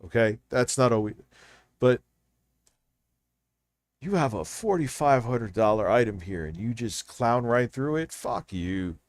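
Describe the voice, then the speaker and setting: A man's voice: mid-range voice, lively intonation, a little slow, long pauses, dry recording. A man reacting to videos on a live stream, ranting bluntly and swearing a lot. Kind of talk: casual live-stream commentary.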